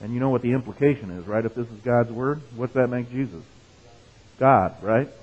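A male pastor preaching in an easy, conversational way. He reads scripture with lifted emphasis and keeps asking "right?" to draw in his listeners. The sound is narrow and phone-like, with a medium-pitched voice. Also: fairly quick, a little mellow. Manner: conversational, checks in with "right?" and "okay?"; reads scripture with rising emphasis, tells jokes. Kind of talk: sermon.

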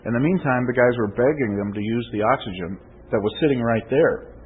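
A man's voice: mid-range voice, fairly quick, breathy edge, narrow, tinny audio. A male pastor delivering a conversational sermon that swells into emphatic preaching, often checking in with "okay?" and "right?".

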